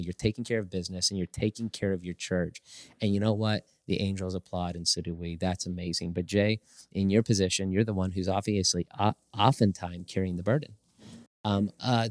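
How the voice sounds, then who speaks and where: Male podcast host, lowish voice, effusive and encouraging, dry close-mic sound. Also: dry recording. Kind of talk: conversational interview.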